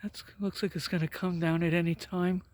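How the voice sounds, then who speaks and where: A man's voice: sits high, little pitch movement, a little fast, a little mellow. Breathless man narrating a country walk. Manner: muttered offhand remarks. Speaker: vlogger. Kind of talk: casual walking vlog narration. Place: outdoors on a country road. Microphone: phone held while walking.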